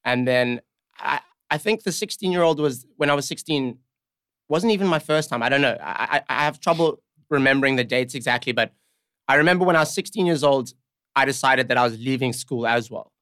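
A young man asks questions and reflects on his past. His voice is smooth and clear, direct but a little unsure. The sound is close and dry. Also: mid-range voice, brisk, fairly bright tone, no room sound. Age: young adult. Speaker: podcast host. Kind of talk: candid interview conversation.

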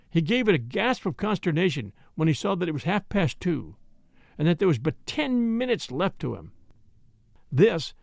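Man reading a classic story aloud, expressive and high-pitched, dead-dry close recording. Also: vocal fry, dry recording. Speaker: audiobook narrator. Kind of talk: scripted narration.

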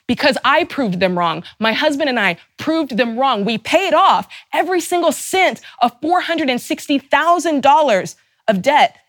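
A woman's voice: sits high, lively intonation, moderate pace, fairly bright tone, dry recording, clean studio sound. A woman host giving a fervent, emphatic motivational talk, stacking rhetorical questions and openly angry on her listeners' behalf. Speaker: personal finance show host.

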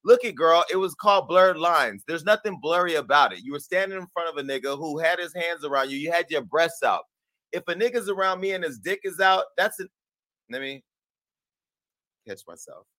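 A man with a fairly high, bright voice running a celebrity gossip segment. He talks with sass and profanity, animated and quick to laugh at himself. The sound is dry and close. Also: no room sound. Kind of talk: brash gossip commentary.

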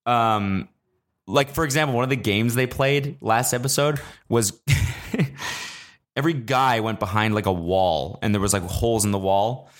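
A young man hosting a casual solo podcast, ranting with swearing and sudden high, exasperated outbursts. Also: a little slow. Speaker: podcast host. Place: traveling abroad, recording while away.

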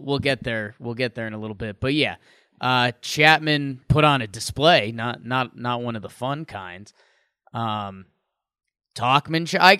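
A man's voice: medium pitch, bright, forceful tone, dry recording, clean studio sound. A young man co-hosting a podcast, chatting casually about a baseball game with playful emphasis. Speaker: podcast co-host. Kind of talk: casual sports chat.

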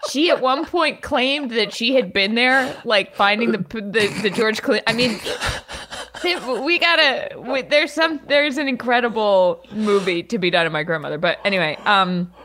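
Woman, young adult, podcast co-host, casual chat, animated storytelling. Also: on the high side, normal speed, a little hiss or hum. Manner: animated storyteller, acts out quoted voices.

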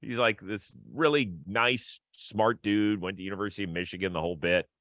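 A man with a fairly low voice hosts a sports podcast in a chatty, upbeat way. His voice sits close to the mic, dry and without room echo. He laughs easily between points. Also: brisk, fairly bright tone. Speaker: podcast host. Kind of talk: casual sports talk.

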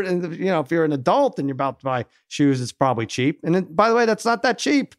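A man co-hosting a podcast, telling a story in an animated, exasperated way. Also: fairly high pitch, fast, few pauses, no echo, studio quality. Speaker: podcast co-host. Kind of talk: casual storytelling chat.

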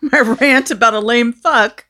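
A woman hosting a casual chat, chiming in with quick, wry, laughing quips. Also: on the high side, bright, forceful tone. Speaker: podcast host. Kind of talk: casual chat with live audience.

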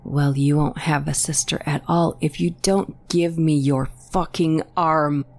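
A woman's voice: sits low, fairly even intonation, a little slow, a little mellow. Woman putting on an urgent, whispering young sister. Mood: insistent. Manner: urgent, insistent, dropping to a tense whisper. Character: young adult woman, frightened superstitious sister.

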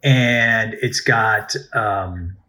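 A man's voice: on the low side, drawn-out words, bright, forceful tone. A man co-hosting a podcast in casual chat, playful and joking, swearing now and then. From United States. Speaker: podcast co-host.

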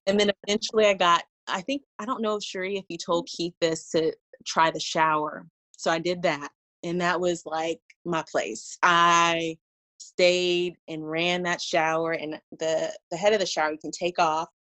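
In a relaxed conversation, a young woman recounts her birth story, animated and laughing as she acts out things she said back then. Her voice is lowish and her pace moderate.

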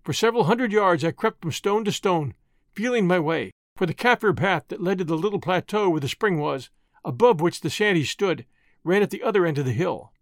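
A man narrates a first-person adventure novel with measured, dramatic phrasing. His voice sits on the high side. The recording is close and dry. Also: animated, no room sound. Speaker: audiobook narrator.

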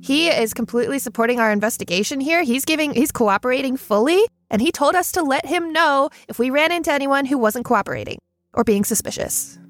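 A woman playing her character in a tabletop game. Her voice is higher and very lively. The sound is dry, with soft music underneath. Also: fairly quick, no room sound. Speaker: player.

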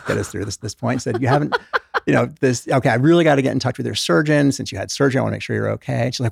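As an interview guest, a middle-aged former doctor turned author tells stories in a rapid-fire, medium-pitched voice with vocal fry and a breathy edge. He's animated and conversational, acting out the voices of the patients he quotes. The recording is dry with clean studio sound.

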